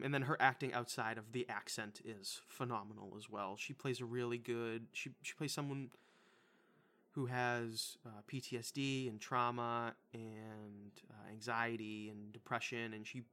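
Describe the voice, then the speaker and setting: A man's voice: medium pitch, a bit bright. A man co-hosting a casual movie review chat, blunt, profane and enthusiastic. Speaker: podcast co-host reviewing movies.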